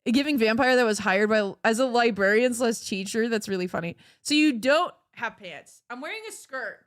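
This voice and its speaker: A woman's voice: on the high side, animated, moderate pace, no room sound, studio quality. A woman chatting casually on a live stream, playful and giggly, laughing often, her voice cracking. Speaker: livestreamer.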